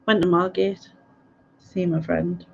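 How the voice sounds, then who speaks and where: A woman's voice: lowish voice, flat delivery, slow, gravelly, muffled recording, slight background noise. A middle-aged woman with a Sunderland accent, hosting a live stream in casual chat and reading out viewer comments. She rambles and giggles as she goes. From North East England.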